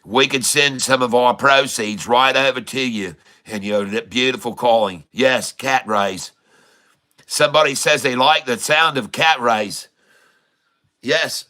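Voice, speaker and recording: Pun-loving and quick to laugh, this middle-aged livestream host keeps things casual and jokey. He speaks at a medium pitch, a little slowly, in a pushed, bright voice.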